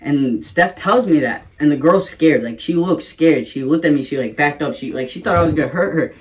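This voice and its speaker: Young man vlogger, casual storyteller, slightly high voice, swears freely. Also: a little fast. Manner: casual, profane, rambling with laughs.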